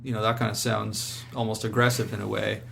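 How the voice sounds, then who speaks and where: A man hosting a medical podcast, asking measured questions and summing up the discussion. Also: lowish voice, level tone, gravelly, fairly bright tone, slight background noise. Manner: measured, poses questions and sums up. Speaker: podcast host. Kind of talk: podcast interview.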